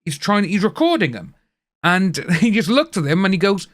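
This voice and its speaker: A man's voice: sits high, big pitch swings, normal speed, no echo, clean studio sound. A British man giving rambling casual commentary and acting out what others said. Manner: chatty, rambling, acts out quotes. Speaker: reaction video host.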